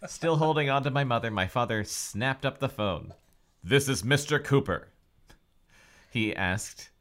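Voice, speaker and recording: A man's voice: on the low side, a bit bright. A man reading a book aloud as a podcast co-host, with mock-dramatic emotion and teasing asides. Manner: reads with mock-dramatic over-the-top emotion and laughing interjections.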